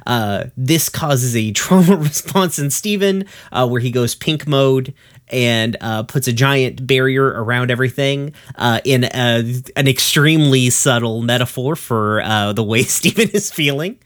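A man summarizing a cartoon episode for a podcast in a loose, casual way. He drops curses and laughs as he narrates. His voice sits at an ordinary pitch. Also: unhurried, a bit bright. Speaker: podcast co-host recapping episodes.

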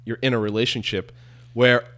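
A man's voice: mid-range voice, little pitch movement, fairly quick, fairly bright tone. A man co-hosting a casual podcast chat, rambling and questioning with many restarts. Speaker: podcast co-host.

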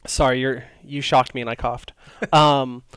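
A man's voice: mid-range voice, steady tone, unhurried, fairly bright tone, smooth, no echo. A man co-hosting a podcast, chatting casually and rambling with many fillers and restarts. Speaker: podcast co-host. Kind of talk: casual chat.

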